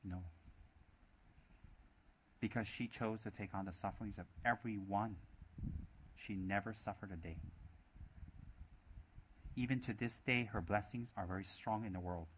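A man's voice: on the low side, fairly even intonation, a little slow, long pauses, fairly bright tone, slight background noise. A man giving a Buddhist dharma talk, emphatic and repetitive, asking many rhetorical questions. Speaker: Buddhist teacher.

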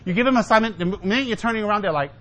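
Buddhist teacher guy giving a joking dharma talk, higher voice, teases the crowd a lot. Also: rapid-fire, a bit bright, a little hiss or hum. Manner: joking, teasing, mimics his students. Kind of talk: humorous Dharma talk to a congregation.

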